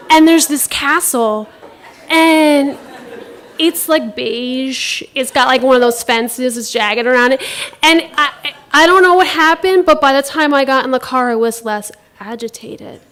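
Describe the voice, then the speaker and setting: A woman's voice: high-pitched, fairly bright tone. A woman telling a first-person story on a theater stage into a microphone, wry and laughing at herself.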